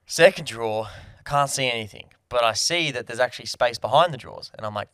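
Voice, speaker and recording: A young Australian man co-hosting a podcast in casual chat, telling stories with lively acted-out exclamations. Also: mid-range voice, quick pace, hardly any pauses, dry recording, clean studio sound. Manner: animated storytelling, acts out his own shouts. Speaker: podcast co-host.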